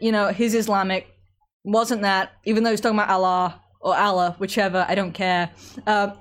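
Sarcastic English woman hosting commentary. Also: medium pitch. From England. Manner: sarcastic, chatty, frequent restarts and laughs. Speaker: commentary show host. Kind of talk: casual sarcastic commentary to viewers.

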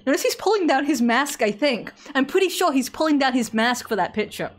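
A woman's voice: high voice, expressive, brisk. A woman from England with an English accent, hosting a casual commentary show and talking to viewers in a sarcastic, chatty way. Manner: sarcastic, chatty, frequent restarts and laughs.

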